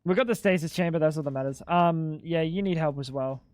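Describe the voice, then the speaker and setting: High-voiced man streaming a game. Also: brisk, a little mellow, no echo, studio quality. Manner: joking, playful, talks to chat. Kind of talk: casual live-stream chat while gaming.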